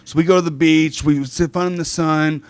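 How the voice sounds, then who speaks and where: Excitable stammering man, dry close mic. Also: on the high side, normal speed, smooth, no echo. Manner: excitable, repeats himself, stammers on starts. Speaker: podcast guest. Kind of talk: casual chat.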